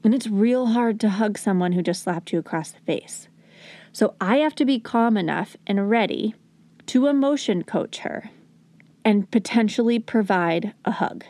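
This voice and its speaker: A woman's voice: mid-range voice, animated, normal speed, dark tone, no echo. Woman, podcast host, earnest coaching talk, dry close sound. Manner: earnest, coaching, acts out soothing scripts. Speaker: podcast host and parenting educator. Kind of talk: conversational teaching talk.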